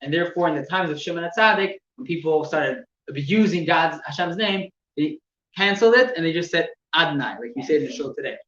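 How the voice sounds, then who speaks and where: Man teaching from a distance, slightly high voice, echoey room, dull muffled sound, halting repeats. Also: lively intonation, fairly bright tone, slight background noise. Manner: halting, repeats words, shows gestures. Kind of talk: explaining laws in a class.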